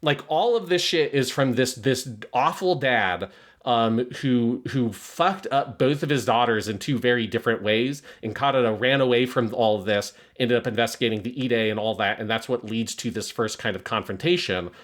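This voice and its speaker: A man's voice: mid-range voice, moderate pace, fairly bright tone. A man co-hosting a film review podcast, analyzing scenes with swearing and passion. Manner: profane, impassioned analysis with acted quotes. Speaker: podcast co-host. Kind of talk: casual film review discussion.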